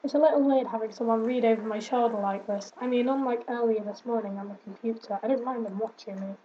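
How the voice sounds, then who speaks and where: A woman's voice: on the high side, fast, slight background noise. A young woman streaming a game, chatting and giggling between reading the on-screen text aloud, with fond asides. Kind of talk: casual let's play commentary and reading game text aloud. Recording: slightly muffled home stream audio.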